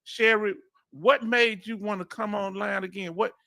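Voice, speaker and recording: Southern man from Houston, bright and dry. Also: high voice, steady tone, moderate pace, vocal fry, dry recording. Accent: Southern US, Texas. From Houston, Texas. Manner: folksy, reads comments aloud and chats directly to viewers. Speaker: host. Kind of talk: casual livestream chat.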